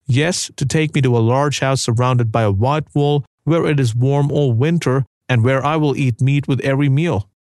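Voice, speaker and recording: A man's voice: medium pitch, normal speed, hardly any pauses, a little mellow, no room sound, studio quality, lightly acted. A man voicing a blind old peasant woman who is a mystic, in a spoken story.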